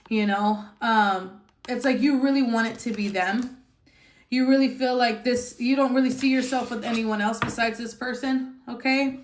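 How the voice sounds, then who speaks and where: A woman's voice: on the high side, fairly even intonation, moderate pace, roomy sound. Blunt, chatty woman tarot reader. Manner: chatty and blunt, swears freely, frequent "okay?" and "um". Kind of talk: casual tarot reading.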